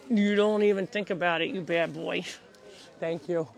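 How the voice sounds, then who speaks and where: With a lowish, fairly even voice, normal pace, and some vocal fry, the sanctuary owner gives a casual live tour outside on the farm. She speaks into a handheld mic, staying chatty and babying the animals with her cooing.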